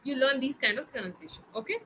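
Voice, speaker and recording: A young woman teaches pronunciation in an online lesson, her voice bright and a little high. She spells words slowly, letter by letter, and keeps checking that her student follows. A faint hiss sits under the recording. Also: expressive, low-quality recording. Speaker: English tutor.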